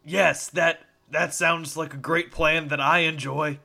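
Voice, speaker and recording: A man's voice: fairly high pitch, little pitch movement, measured pace, vocal fry, pushed and bright. A man playing a character in a tabletop game, speaking playfully and swearing, with lots of stammering. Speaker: player. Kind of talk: in-character tabletop role-play.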